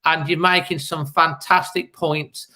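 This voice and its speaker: Bright, encouraging phone-in host. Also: male voice, on the high side, fairly even intonation, measured pace. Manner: encouraging, reads out viewer comments. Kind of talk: hosting a fan phone-in.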